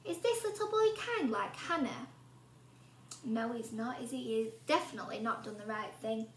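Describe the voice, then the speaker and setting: A woman teacher reads a storybook aloud to young children in an animated way, stopping to ask them questions. Her voice is fairly high and her pace moderate, and the room has a noticeable echo.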